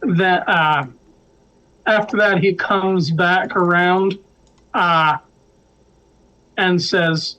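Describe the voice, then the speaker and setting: High-voiced guy running a tabletop game, really slow, kinda muffled mic. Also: fairly even intonation, sharp tone. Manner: slow, halting narration with fillers. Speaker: storyteller.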